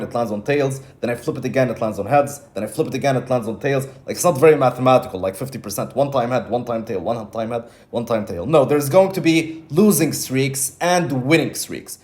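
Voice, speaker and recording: A man's voice: mid-range voice, a little mellow. Blunt, swearing male trading mentor. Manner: blunt, repetitive, swears casually; acts out his own inner voice in quotes. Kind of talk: casual teaching monologue.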